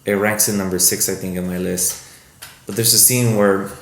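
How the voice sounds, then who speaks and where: A man's voice: sits low, steady tone, normal speed. A man guest on a podcast, a film producer, telling rambling stories in a casual way and acting out the voices he quotes. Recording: echoey room with faint noise.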